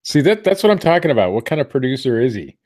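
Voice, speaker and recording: A man's voice: mid-range voice, sing-song, quick pace, darkish tone. A middle-aged man co-hosting a podcast from a room at home, chatting casually and rambling, often cutting himself off mid-sentence. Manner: rambling, self-interrupting. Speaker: podcast co-host. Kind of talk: casual chat.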